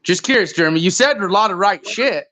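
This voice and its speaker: A man's voice: sits high, animated, quick pace, bright, forceful tone. A man on a live panel, hurling profane insults in a heated argument.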